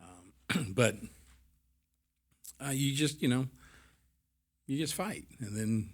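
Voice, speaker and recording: A man's voice: mid-range voice, lively intonation, slow. A man in his forties, a podcast guest and business owner, telling his story candidly in a rambling, blunt and profane way, full of fillers.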